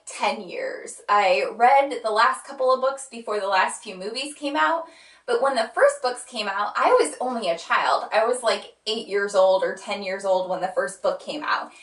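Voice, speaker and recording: A young woman vlogger talking casually and earnestly, with frequent fillers. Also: fairly high pitch. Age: young adult. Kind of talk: casual chat. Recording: roomy sound from a distant mic.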